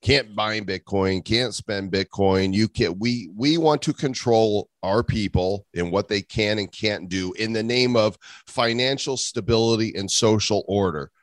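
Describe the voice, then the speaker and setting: A man's voice: fairly low pitch, measured pace, hardly any pauses, no echo, studio quality. A man co-hosting a casual crypto podcast, jokey and riffing. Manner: jokey, riffing, slips into mock voices. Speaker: podcast co-host. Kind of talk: casual chat.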